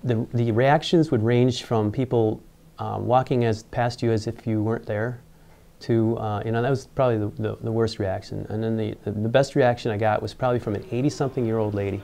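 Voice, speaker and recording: An engineer being interviewed about mascot costuming tells a personal story, rambling with lots of fillers and false starts. His voice is lowish and warm with some vocal fry, steady in tone and delivered a little fast.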